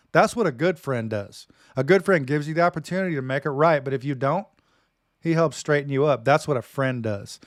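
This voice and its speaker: Brief: folksy man, Bible teacher on a live stream, slightly high voice, dry close sound. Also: brisk, no room sound. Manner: folksy and plain-spoken, says man and dude often.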